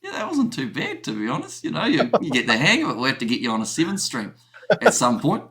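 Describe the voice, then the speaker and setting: A man's voice: medium pitch, wildly swooping pitch, fast, bright, forceful tone. Chatty man talking rugby on a call. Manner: chatty, uses "you know" a lot. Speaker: podcast co-host. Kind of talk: casual sports chat.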